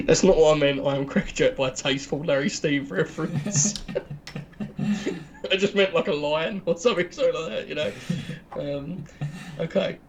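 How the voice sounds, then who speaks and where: A man's voice: on the high side, normal speed, pauses often, a little hiss or hum. A man co-hosting a casual game stream, making dry, wry jokes and asides to the viewers. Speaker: co-host. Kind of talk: casual chat while playing a game.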